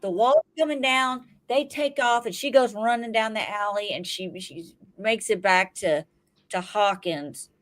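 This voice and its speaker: A woman co-hosting a podcast, retelling a TV episode in a rambling, profane, animated way. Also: medium pitch, unhurried. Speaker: podcast co-host. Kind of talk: casual TV recap chat.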